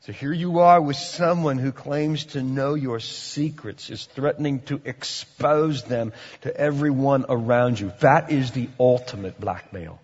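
A man preaching a sermon in a church, swinging between loud, dramatic lines and hushed, drawn-out ones. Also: medium pitch, slightly rough, in a large hall, muffled recording. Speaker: pastor. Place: church hall.

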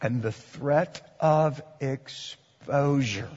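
Husky preacher in a reverberant hall. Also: male voice, medium pitch, drawn-out words, dull audio. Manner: dramatic preaching, swinging from loud to hushed. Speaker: pastor. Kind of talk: sermon. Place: church hall.

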